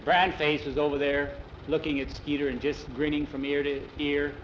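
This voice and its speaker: A man narrating a homespun story in an easygoing, unhurried manner. His voice sits a little high for a man. The recording sounds roomy and dull, like an old lo-fi tape. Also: flat delivery, slight background noise. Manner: unhurried, homespun, acts out the characters. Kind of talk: oral storytelling.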